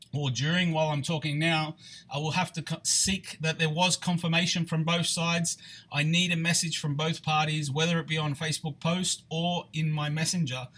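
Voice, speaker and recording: A man's voice: on the high side, a bit bright. Chatty man hosting a card break. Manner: chatty, halting, many fillers and restarts. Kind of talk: live-stream card break chat.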